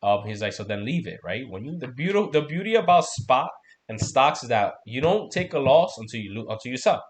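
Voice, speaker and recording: Very animated and a little fast, this medium-pitched male voice belongs to the host of a casual trading livestream. He goes over charts loosely and profanely, with lots of "man" and "right?" sprinkled in.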